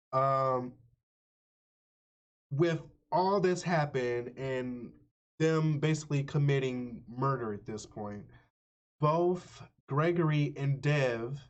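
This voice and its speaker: A man streaming live, casually recapping a movie's plot in slangy, profane, animated storytelling. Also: medium pitch. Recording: slightly muffled lo-fi audio.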